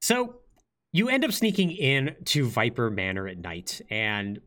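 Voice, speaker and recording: Young man, podcast host, casual game recap, lively pitch, lots of fillers. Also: a little slow. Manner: lively, filler-heavy, acts out quotes. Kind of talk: casual chat retelling a game plot.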